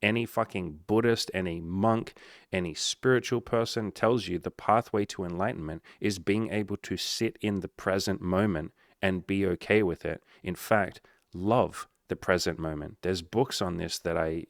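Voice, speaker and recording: Man, low voice, casual swearing coach talk, dry close sound. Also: moderate pace, dry recording. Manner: blunt, swears often, acts out dialogue. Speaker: dating coach. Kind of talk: casual advice monologue.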